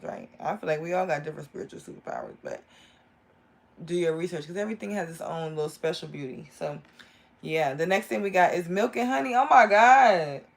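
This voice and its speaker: A woman giving a live tarot reading, rambling and enthusiastic as she talks straight to her viewers. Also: fairly low pitch. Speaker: tarot reader.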